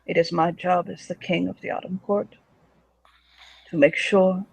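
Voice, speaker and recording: A man's voice: high-pitched, flat delivery, unhurried, gravelly, breathy edge, full character voice, rough recording. A man doing a stern fae king, fake Russian accent. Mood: formal. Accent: put-on Russian.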